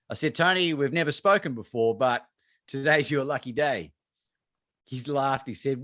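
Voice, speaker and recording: Animated Australian man telling a story. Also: mid-range voice, moderate pace, dry recording, studio quality. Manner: animated storyteller acting out both sides of phone calls. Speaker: guest speaker, courage coach. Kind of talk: storytelling talk on a video call.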